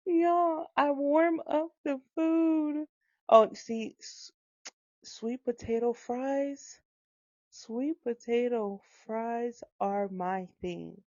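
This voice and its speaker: This is a mother in her thirties telling a comic story in a relaxed, chatty way. Her voice sits a little high but sounds mellow and gravelly. The recording is dull and dry. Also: takes it slowly, long pauses, no echo. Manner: animated, laughing, repeats herself for effect. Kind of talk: casual storytelling.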